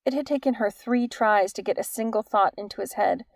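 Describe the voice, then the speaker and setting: A woman reading an audiobook in an even, measured storytelling manner. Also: mid-range voice, creaky, no echo. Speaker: audiobook narrator. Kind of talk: scripted narration.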